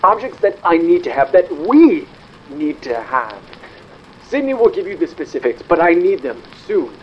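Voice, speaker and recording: A grandiloquent, condescending father, holding forth from a scratchy old vinyl record with lively swings in his voice. The sound is dull and lo-fi, like a record playing back. His manner is theatrical and imperious. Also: high voice, fairly quick. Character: pompous aristocratic father speaking from an old record. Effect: old vinyl record playback.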